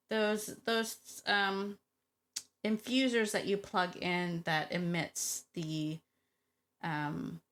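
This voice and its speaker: Bright-voiced woman podcast host. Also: mid-range voice. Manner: chatty, loses words, laughs at herself. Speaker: dog training podcast host. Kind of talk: casual podcast advice.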